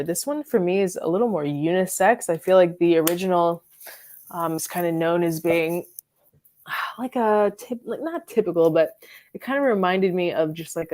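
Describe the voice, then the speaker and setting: A woman with a low-leaning, darkish voice hosts a perfume live stream from her bedroom. As a fragrance reviewer, she chats in a relaxed, rambling way, sprinkling in lots of fillers and giggles.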